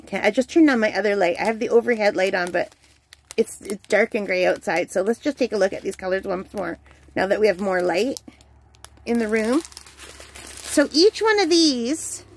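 A woman's voice: mid-range voice, lively intonation, normal speed. A woman hosting a crafting channel, chatting casually and enthusiastically at home while unboxing, with the hiccups. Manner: chatty, enthusiastic, easily delighted. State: has the hiccups.

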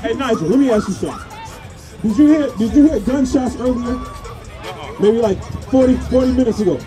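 A man street preaching outdoors at a parade. He presses passers-by with repeated questions and sometimes shouts. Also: very high voice, fairly quick. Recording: outdoor street noise, crowd and music. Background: parade crowd and music.

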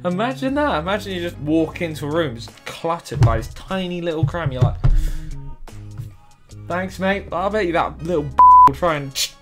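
A young man, giving jokey, excitable commentary while reacting to funny animal videos for his channel. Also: fairly high pitch, a little fast, loud music behind the voice. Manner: excitable, jokey, talks to the viewer. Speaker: YouTuber reacting to animal clips.

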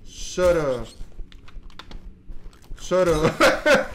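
A gaming channel host giving laid-back let's play commentary, mumbling and swearing, then yelling at the monsters. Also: medium pitch, a little slow, background noise.

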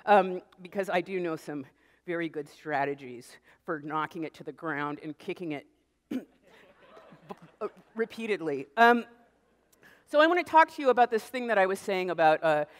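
Middle-aged woman lecturing in a reverberant hall. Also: low-pitched. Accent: American. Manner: animated storytelling, acts out voices. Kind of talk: public lecture.

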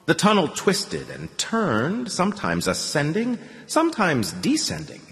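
A man narrating an audiobook with a dramatic, expressive reading. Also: fairly high pitch, measured pace, vocal fry, in a large hall. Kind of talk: scripted narration.

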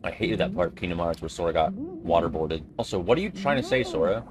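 A young man giving profane, jokey, excitable commentary as he plays a video game. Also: low voice, fast talker, music in the background. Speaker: gamer and video host. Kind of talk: let's-play game commentary.

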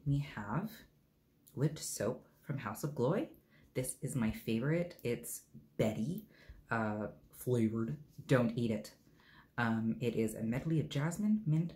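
In a mellow, medium-pitched voice, a man rambles through a review of the bath products he likes best. His manner is relaxed, full of ums and uhs, and peppered with jokey asides.

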